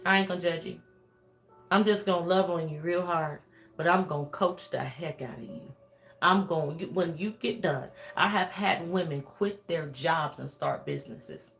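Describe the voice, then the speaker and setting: Emphatic, lower-voiced woman life coach. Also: normal speed, fairly bright tone, faint music behind. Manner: emphatic, repetitive, laughs often. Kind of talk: motivational talk to camera.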